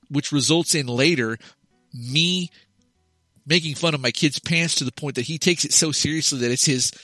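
Bright-voiced rambling storytelling man. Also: mid-range voice, no echo. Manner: rambling storyteller, swears freely. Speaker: podcast co-host. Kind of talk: casual comedic chat.

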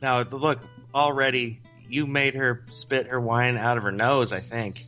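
A man's voice: mid-range voice, unhurried, soft background music. A man co-hosting a podcast, cracking crude jokes in casual banter. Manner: crude, joking, animated. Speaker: podcast co-host.

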